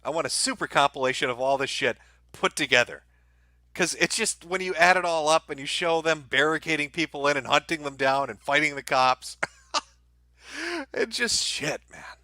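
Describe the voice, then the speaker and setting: A man's voice: a little high, brisk, pushed and bright, dry recording, clean studio sound. A man hosting a livestream, reacting to videos with crude, laughing, riled-up commentary. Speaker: livestream host.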